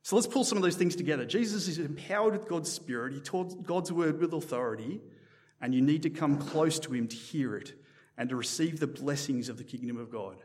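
A man preaching a sermon in a church in a conversational, animated way, often restarting his sentences. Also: a little high, fairly quick, big-room sound. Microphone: microphone.

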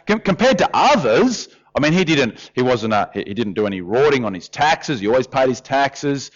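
Lively man preaching. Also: mid-range voice, normal speed, lo-fi sound. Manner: lively, conversational, often acts out quoted voices. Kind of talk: sermon. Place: church hall.

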